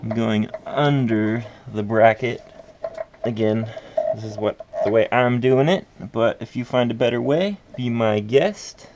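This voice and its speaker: Gravelly guy talking thru a car install, mumbles n swears under the car. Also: mid-range voice, a little slow, darkish tone, a little hiss or hum. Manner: mutters and swears while working. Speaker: car DIY vlogger. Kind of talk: casual install tutorial.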